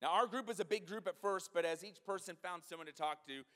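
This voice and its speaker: A man preaching a sermon, telling a story animatedly, dropping to a hush and then rising to loud exclamations. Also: sits high, fast talker. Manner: animated, swings from hushed to loud. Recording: long reverb of a large hall.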